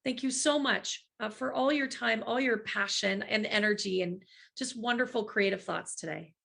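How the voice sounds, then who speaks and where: A woman's voice: mid-range voice, moderate pace, vocal fry, a bit bright. A woman hosting a podcast interview, effusive and thankful, with many fillers. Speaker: podcast host.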